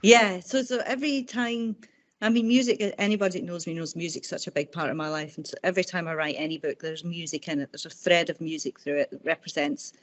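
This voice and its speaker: A woman author talking in a casual interview over a video call, telling personal stories warmly and restarting her sentences often. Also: fairly low pitch, fairly even intonation, fast. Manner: warm, chatty storytelling with frequent restarts. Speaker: author guest.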